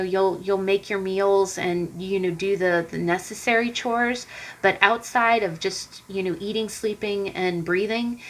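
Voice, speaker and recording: A woman's voice: medium pitch, poor audio. Rambling woman reading tarot cards. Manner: rambling and conversational, many fillers and repeated starts; speaks directly to viewers. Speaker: tarot card reader. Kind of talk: casual tarot reading to viewers.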